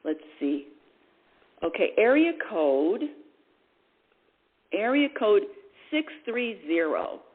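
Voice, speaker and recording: A woman hosting a spiritual call-in radio show, preaching in an animated way and acting out quoted voices. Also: mid-range voice, takes it slowly, long pauses, husky, phone-quality sound. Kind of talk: spiritual talk radio monologue.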